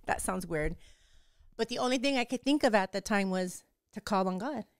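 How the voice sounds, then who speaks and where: A woman's voice: mid-range voice, fast talker, dry recording. A young woman candidly recounting a painful personal experience, emotional and swearing freely, with lots of filler words. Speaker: guest telling her story. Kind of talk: candid personal storytelling, casual chat.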